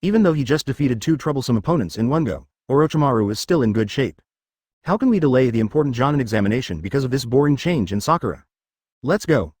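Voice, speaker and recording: A cold, aloof boy ninja, read out by a man. Quick delivery with a lively pitch. The recording is dry. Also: slightly rough, no room sound.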